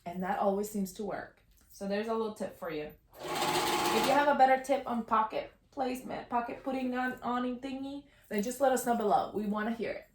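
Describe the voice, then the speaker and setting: A woman's voice: fairly high pitch, brisk. A young woman hosting a sewing tutorial, bubbly and self-teasing, talking as she works at a serger. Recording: roomy echo, faint machine noise.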